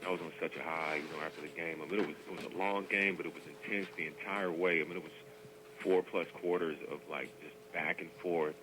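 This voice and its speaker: Football coach calling in, super deep voice, talks fast, stop-start with lots of fillers, noisy line with a hum. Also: male voice, fairly even intonation. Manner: halting, with many fillers. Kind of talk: call-in interview.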